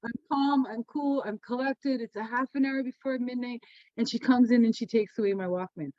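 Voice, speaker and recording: A woman medium from Canada, telling stories in a casual interview, animated and profane, laughing often. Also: a little high, a little fast, dry recording. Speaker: guest, spiritual medium. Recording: dull lo-fi sound.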